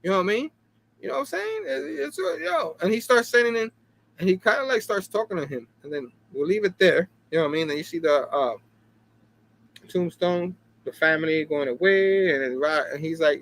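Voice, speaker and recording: A man with a high, lively voice that jumps all over the place hosts a relaxed talk show. He chats in a loose, animated way, laughs easily and keeps checking in with "you know what I mean". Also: a little fast. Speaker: comic book review show host. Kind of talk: casual chat.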